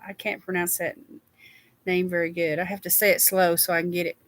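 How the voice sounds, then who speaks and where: A woman's voice: fairly low pitch, level tone, a little fast. A woman, chatting casually with viewers as a livestream host and reading their names aloud. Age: 60s.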